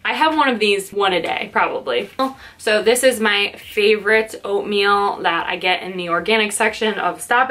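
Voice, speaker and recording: Slightly out of breath, a young lifestyle vlogger in her twenties talks casually to camera in her bedroom. She stays upbeat and uses many fillers, her mid-range voice carrying a bit of brightness.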